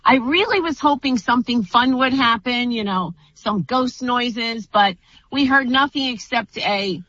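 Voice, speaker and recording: A woman on a radio show recounting a trip in a matter-of-fact, unhurried way. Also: on the high side, a bit bright, no room sound. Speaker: guest caller. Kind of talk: storytelling on radio. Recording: dull, dry line.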